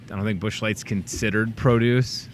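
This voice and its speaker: A man hosting a local in-store talk show, chatting casually and rambling through plugs, jokes and shout-outs. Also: on the low side, steady tone, moderate pace, a little hiss or hum. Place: grocery store.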